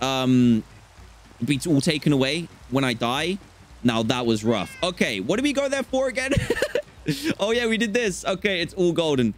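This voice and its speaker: A young man hosting a gaming channel, giving let's-play commentary and swinging between calm chatter and panicked yelps. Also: mid-range voice, a little hiss or hum.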